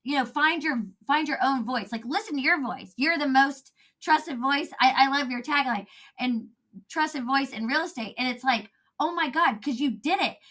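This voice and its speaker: A woman talking as a podcast guest, animated and laughing often, acting out quotes in a casual chat. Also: sits high, normal speed.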